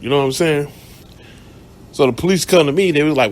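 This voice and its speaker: A man's voice: mid-range voice, lively intonation, fast. A man hosting a radio show, telling a story in a casual, blunt, profane monologue and laughing along the way.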